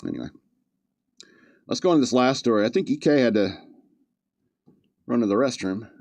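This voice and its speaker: A man's voice: mid-range voice, expressive, normal speed, darkish tone, no room sound. A man hosting a podcast, reading news stories aloud with joking asides and frequent chuckles. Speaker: podcast host. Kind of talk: casual comedic commentary.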